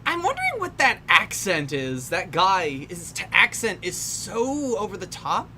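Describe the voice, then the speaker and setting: A woman's voice: medium pitch, huge pitch swings, a little slow, sharp tone. A young woman giving casual, wry commentary over a film, laughing often and trailing off mid-sentence. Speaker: commentary host. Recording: faint background noise.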